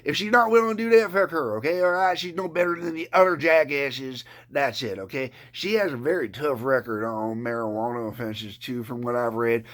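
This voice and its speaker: Rambling, foul-mouthed man with a bright voice. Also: medium pitch, brisk, few pauses. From Canada. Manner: profane, rambling, stammering rant. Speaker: vlogger. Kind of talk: rambling rant to camera.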